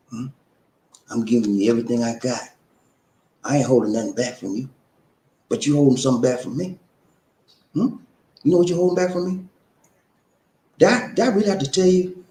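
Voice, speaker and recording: A man's voice: mid-range voice, mellow, echoey room. A man hosting a relationship advice channel, talking to viewers in a loose, colloquial way and hyping them up. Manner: chatty, sings snippets and hypes up viewers, laughs often. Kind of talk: casual talk to camera.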